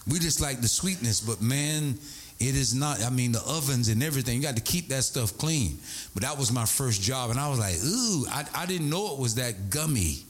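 Animated middle-aged male preacher. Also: medium pitch, normal speed. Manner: animated preaching with sing-song swells and storytelling asides. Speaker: pastor. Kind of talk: sermon.

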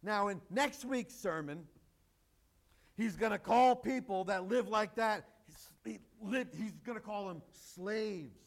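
High-voiced, slow-paced man preaching. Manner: emphatic, joking asides to the congregation. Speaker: pastor. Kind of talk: sermon.

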